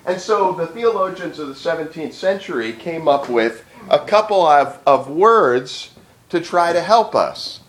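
A man's voice: fairly high pitch, expressive, measured pace, roomy sound. A man preaching a teaching sermon, emphatic and often repeating phrases as he thinks. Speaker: pastor teaching. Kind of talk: sermon lecture.

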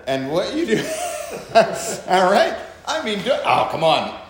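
A man's voice: sits high, wildly swooping pitch, takes it slowly, noisy background. A man, a pastor, teaching from the Bible in a conversational way with joking asides to his listeners. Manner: chatty, joking asides to the audience. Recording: very echoey room.

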